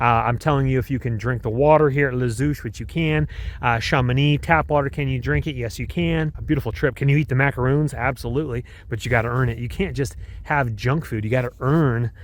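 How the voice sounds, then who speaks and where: An American man talking casually as a travel vlogger, rambling and correcting himself with upbeat slang while skiing outdoors. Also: medium pitch. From United States. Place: outdoors on a ski slope.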